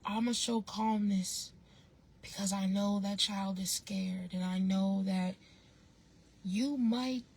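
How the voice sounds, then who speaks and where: A woman's voice: medium pitch, steady tone, slow, darkish tone, slightly rough, rough recording. A woman vlogger telling a story in a casual monologue, blunt and emphatic, swearing freely and repeating phrases for emphasis.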